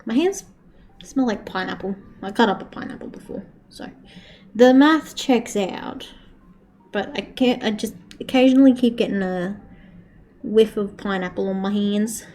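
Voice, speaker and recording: A woman's voice: mid-range voice, normal speed, dark tone, slight background noise. A young woman chatting casually on a live stream while she crochets, swearing freely and laughing often.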